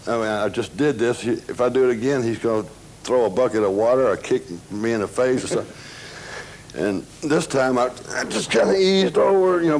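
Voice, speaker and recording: A man's voice: mid-range voice, a little mellow, slight background noise, poor audio. A man telling a funny anecdote in an interview, playfully mimicking voices in the quoted dialogue. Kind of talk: anecdotal storytelling.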